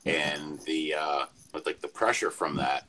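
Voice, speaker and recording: Very deep man explaining over a noisy mic. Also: unhurried. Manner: explains with many fillers and restarts. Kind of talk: casual panel chat.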